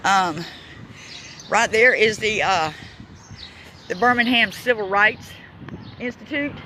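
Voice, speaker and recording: A man on a casual walking-tour vlog, filming outdoors in a city park on a handheld phone, reading signs aloud haltingly with stumbles and restarts, and he is emotional, close to tears. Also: high voice, sharp tone, a little hiss or hum, poor audio. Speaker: vlogger giving a walking tour.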